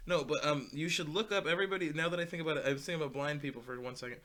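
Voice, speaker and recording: Bright-voiced joking young podcast host. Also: male voice, a little high, very fast, few pauses. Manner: rambling, joking storyteller who acts out quotes. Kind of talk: casual podcast chat.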